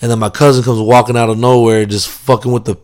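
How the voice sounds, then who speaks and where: A man's voice: medium pitch, level tone, quick pace, a little mellow. A young man telling a drunken story in a casual, rambling way, swearing constantly and filling his talk with fillers. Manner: laid-back, amused.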